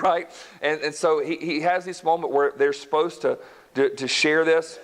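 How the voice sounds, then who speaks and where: Man preaching a lively sermon. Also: fairly high pitch. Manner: storytelling, acts out characters in quick voices. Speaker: pastor. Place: church.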